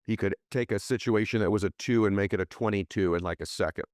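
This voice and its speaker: A middle-aged man hosting a podcast, his low voice driving forward with emphatic, motivational energy. He reads sponsor spots and asks his guest questions. The sound is dry and close, with no room around it. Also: quick pace, darkish tone, no echo. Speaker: podcast host.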